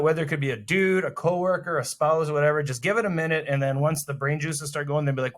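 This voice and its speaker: A man in casual podcast chat, talking animatedly and acting out what people say. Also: a little high. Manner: animated, fast, acts out quoted lines. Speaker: podcast co-host.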